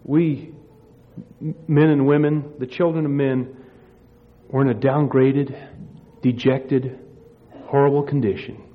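A man's voice: medium pitch, fairly even intonation, slow, long pauses. A man preaching a sermon, telling a story with many restarts before reading scripture. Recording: muffled lo-fi sermon recording.

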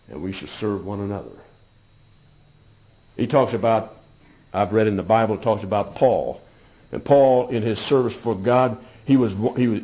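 A man preaching a sermon, emphatic, with loud peaks and quiet asides. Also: fairly low pitch, muffled recording.

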